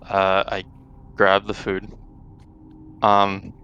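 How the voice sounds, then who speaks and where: Guy playing d&d in character, bright crisp voice w/ some fry, polite. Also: fairly low pitch, flat delivery, slow. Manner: polite, diplomatic, with fillers. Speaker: player. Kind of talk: playing a tabletop game in character.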